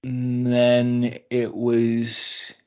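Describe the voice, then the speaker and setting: A man telling a personal story in casual podcast chat, acting out quoted dialogue with lively shifts. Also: mid-range voice, extremely slow, clear, resonant tone. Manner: animated, acts out quoted dialogue. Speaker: podcast guest.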